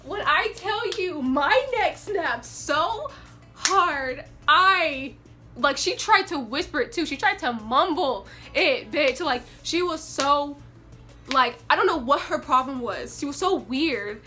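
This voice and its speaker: A young woman telling a story in a casual, brash way, swearing freely and animated. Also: high voice, takes it slowly, faint music behind. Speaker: vlogger.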